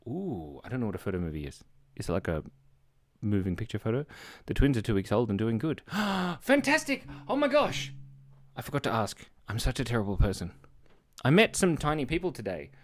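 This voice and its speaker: Speaking a little fast in a lowish, sing-song voice, this Australian man hosts a drawing livestream. He chats in a rambling, scattered way, laughs a lot, and responds to what viewers write in chat.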